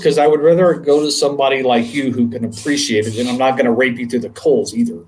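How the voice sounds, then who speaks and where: A man co-hosting a podcast, telling a long story in casual, animated chat and swearing freely. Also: mid-range voice, fast talker, slight background noise. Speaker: podcast co-host.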